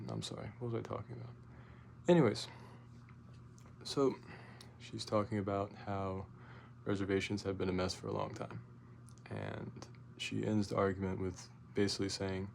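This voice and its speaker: A young man telling a rambling, profane story in a casual vlog, full of fillers and restarts, getting loud and animated as he retells his outburst. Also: fairly low pitch, normal speed, creaky, a little hiss or hum. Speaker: vlogger.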